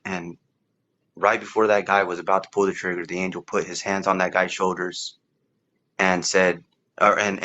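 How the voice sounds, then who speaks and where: A man's voice: low-pitched, fairly bright tone, dull audio. A man telling his life story in a casual, rambling way, with frequent restarts and fillers. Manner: rambling, halting with repeated words and fillers. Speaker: interview guest. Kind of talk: casual testimony.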